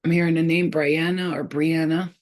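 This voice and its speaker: A woman's voice: sits low, little pitch movement, darkish tone. A woman giving a spiritual reading straight to camera in a casual, blunt and profane way. She repeats points for emphasis and stops often as she sounds out names she says she is receiving. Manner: halting, trailing off while sounding out names. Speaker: psychic reader.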